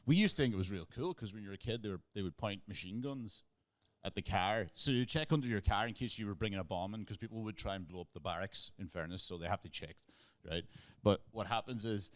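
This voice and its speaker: A man, a guest comedian telling quick, animated anecdotes in casual chat and laughing often. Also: fairly low pitch, no echo. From Northern Ireland border area.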